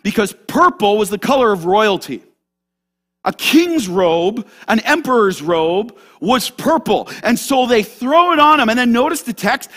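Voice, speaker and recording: A man preaching a sermon as a pastor, swinging from loud shouted lines to hushed asides. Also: very high-pitched.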